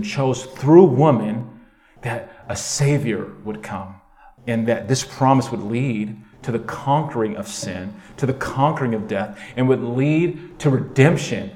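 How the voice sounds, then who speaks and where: A man preaching a lively sermon in a church, his medium-pitched voice carrying with a roomy echo. He shifts between conversational asides and emphatic points, often checking in with the congregation. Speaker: pastor. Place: church sanctuary.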